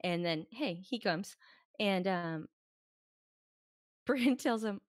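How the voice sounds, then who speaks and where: A woman's voice: medium pitch, very slow, no echo, clean studio sound. A woman co-hosting a podcast in casual chat, talking freely and acting out quotes in exaggerated voices. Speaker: podcast co-host. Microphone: podcast microphone.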